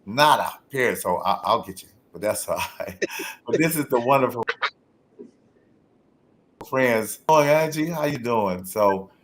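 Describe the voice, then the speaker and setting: A man hosting a podcast interview in a casual, animated way, often laughing and calling out to listeners. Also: medium pitch, unhurried, pauses often. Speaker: podcast host.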